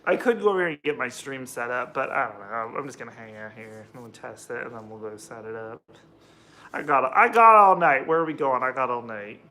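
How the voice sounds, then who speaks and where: A man's voice: mid-range voice, lively intonation, a little fast, bright, forceful tone, a little hiss or hum. A young American man chatting casually on a livestream while cooking, rambling and greeting viewers by name. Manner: rambling, chatty, reads out chat names. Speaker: livestream host.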